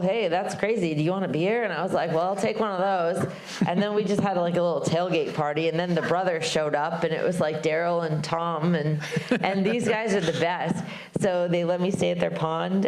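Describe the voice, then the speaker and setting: A woman telling a lively travel story to a live audience, acting out the voices of people she met and laughing along the way. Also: sits low, roomy sound. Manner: animated storyteller, acts out voices, laughs often. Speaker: guest speaker, long-distance hiker. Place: club venue before a live audience.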